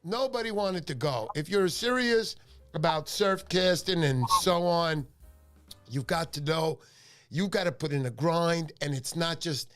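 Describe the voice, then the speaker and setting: A man hosting a fishing livestream, chatting in an animated, joking, rambling way. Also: fairly high pitch, measured pace, faint music behind. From New York. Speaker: livestream fishing show host. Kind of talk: casual livestream chat.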